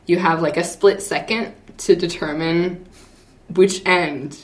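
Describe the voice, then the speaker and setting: A woman from the United States chatting on a podcast, halting and full of fillers and restarts. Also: on the low side, steady tone. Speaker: game studio staff leaving, podcast guest. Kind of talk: casual podcast chat.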